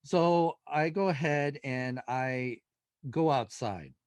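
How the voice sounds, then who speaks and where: A male paranormal investigator, a guest in an interview, telling a story in an animated way and acting out the dialogue. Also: mid-range voice, slow pace, clean tone, no room sound.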